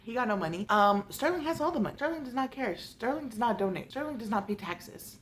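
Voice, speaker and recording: A woman reviewing a book in a casual, sarcastic way. She retells the plot with lively, mocking asides. There is a faint noise in the background. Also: a little high, fast.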